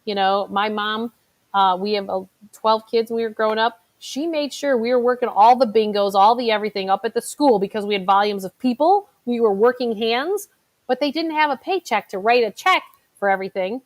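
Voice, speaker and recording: A woman's voice: on the high side, brisk, no echo. A middle-aged woman from Chicago who works as a financial advisor, giving a motivational talk in a chatty storytelling way with fillers and asides. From Chicago, United States. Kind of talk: motivational talk with personal stories.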